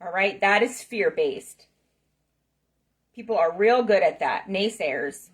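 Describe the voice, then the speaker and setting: A woman's voice: medium pitch, lively intonation, slow, long pauses. A middle-aged woman giving an emphatic motivational talk to camera, passionate and repetitive, checking in with "okay?" and "right?". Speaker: spiritual self-help speaker.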